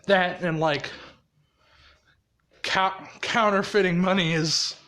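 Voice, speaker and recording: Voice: mid-range voice, steady tone, slow, fairly bright tone. A person casually telling a rambling fan story, swearing often and laughing along.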